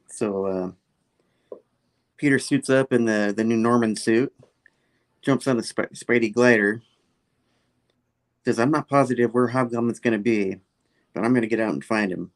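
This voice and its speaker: A man's voice: mid-range voice, normal speed, pauses often. A man casually recapping a comic book story, rambling with many fillers and quoting the characters in passing. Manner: rambling, full of fillers and "he's like" quotes.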